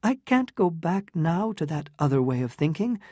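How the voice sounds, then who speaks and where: A woman's voice: deep voice, big pitch swings, normal speed, warm tone, no echo, clean studio sound, voice pushed up. A narrator voicing a proud, wounded young woman in love, pleading and emotional in a storybook reading.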